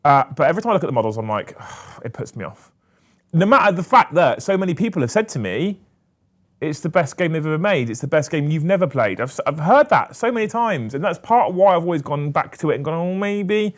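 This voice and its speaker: Animated man chatting on a podcast. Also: on the high side, quick pace. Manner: animated, swears, laughs often. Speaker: co-host. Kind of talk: casual podcast chat.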